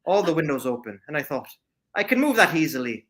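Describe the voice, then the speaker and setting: A man reading a poem in a put-on Irish brogue, tentative and halting, in a restaurant. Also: on the high side, big pitch swings, a bit bright. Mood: wistful.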